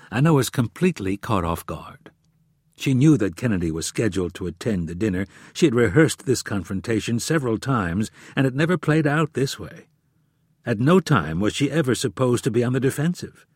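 Guy reading a thriller audiobook, husky and kinda low, super dry close sound. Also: expressive, normal speed, a little mellow, no room sound. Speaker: audiobook narrator. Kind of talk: scripted narration.

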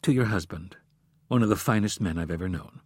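Audiobook: male narrator's take on a stern, controlled female intelligence chief, husky and low. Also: brisk, darkish tone, no room sound, studio quality. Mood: measured. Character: cool commanding woman intelligence chief.

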